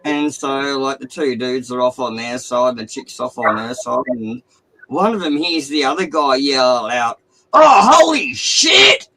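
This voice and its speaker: A man's voice: mid-range voice, moderate pace, a bit bright, rough recording. Crude man spinning a long joke. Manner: profane, rambling storyteller. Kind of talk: casual chat, crude joke telling.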